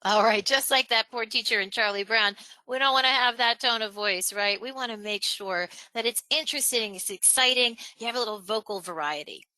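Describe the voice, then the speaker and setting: A woman presenter leads a virtual training session on a video call, talking energetically and putting emphasis on her key points. Her voice sits a little high and bright, and the close mic sounds dry. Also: a little fast, few pauses, dry recording, poor audio. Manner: energetic, emphatic, varies tone and pace on purpose. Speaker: webinar presenter.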